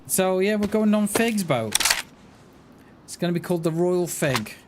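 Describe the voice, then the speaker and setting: A man's voice: sits high, lively intonation, moderate pace, heavy background noise. A man chatting playfully with viewers while livestreaming a game. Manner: playful, jokey banter with chat. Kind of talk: casual chat while gaming.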